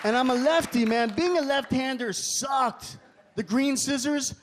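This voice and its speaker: Stand-up comic, male, higher voice, animated delivery, live club mic with an audible noisy room. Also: unhurried. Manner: animated, punches lines up with shouts. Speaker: stand-up comedian. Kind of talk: stand-up comedy set. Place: comedy club stage with live audience. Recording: club crowd laughter and room noise.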